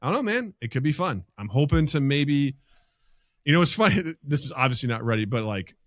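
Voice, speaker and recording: A man's voice: mid-range voice, lively intonation, a little fast, fairly bright tone, no room sound. A man co-hosting a podcast, telling a personal story in casual chat and acting out bits of quoted dialogue. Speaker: podcast co-host.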